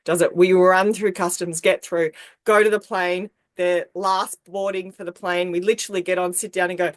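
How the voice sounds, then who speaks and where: Lively woman telling a story. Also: normal speed, dry recording. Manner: animated, acts out quoted people with big pitch jumps. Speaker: podcast co-host. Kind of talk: casual storytelling.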